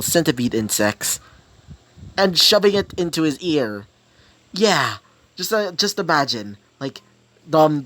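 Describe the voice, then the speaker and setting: Slow rambling young storyteller man. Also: medium pitch, fairly bright tone. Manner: rambling, hesitant, repeats "as he says this". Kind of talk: improvised fan-fiction narration.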